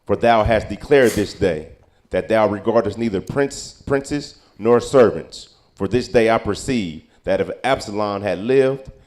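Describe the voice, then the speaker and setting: A man reading old-style Bible verses aloud at a steady pace, now and then stumbling over a word. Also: fairly low pitch, a little slow. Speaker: scripture reader.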